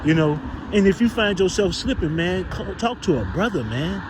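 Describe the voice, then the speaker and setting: A man's voice: high voice, sing-song, normal speed. A man preaching informally to his brothers, rambling and cursing as he searches for the words of scripture. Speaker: street preacher. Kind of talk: informal exhortation. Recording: noisy outdoor street recording.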